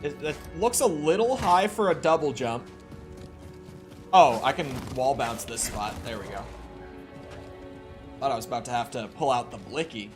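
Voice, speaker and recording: A man's voice: medium pitch, expressive, moderate pace, long pauses, music in the background. A man streaming a video game, casually reading chat aloud and reacting to the gameplay in a laid-back way.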